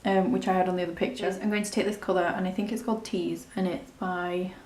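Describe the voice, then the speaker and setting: A woman's voice: on the low side, flat delivery, fast, a little mellow, echoey room. A woman talking through a makeup tutorial in a chatty, rambling, self-deprecating way. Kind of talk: casual step-by-step tutorial narration.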